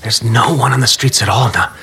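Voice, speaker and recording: An actor playing a gentle father who reassures his small daughter in soft whispers, in an audio Bible drama. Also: medium pitch, brisk, gravelly, slight background noise. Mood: tender, reassuring.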